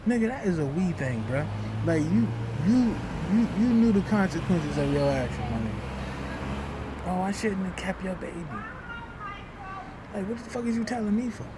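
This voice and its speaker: A young man vents straight to camera, heated and profane. His voice sits fairly high and jumps between loud bursts and low grumbling. Traffic and passing vehicles rumble clearly behind him. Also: very animated, normal speed. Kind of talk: venting rant to camera.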